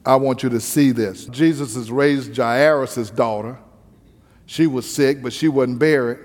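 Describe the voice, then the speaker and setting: A man preaching a sermon, moving from calm teaching into shouted, sing-song preaching. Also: mid-range voice, unhurried. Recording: long reverb of a large hall.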